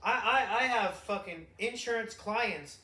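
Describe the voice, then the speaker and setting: A middle-aged man, a father co-hosting a podcast, telling a story in casual, profane chat and breaking into shouted impressions. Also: sits high, measured pace, echoey room.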